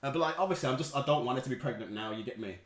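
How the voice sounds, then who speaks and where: Podcast co-host: man in his thirties, rapid slangy storyteller, echoey room. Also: mid-range voice. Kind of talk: casual chat.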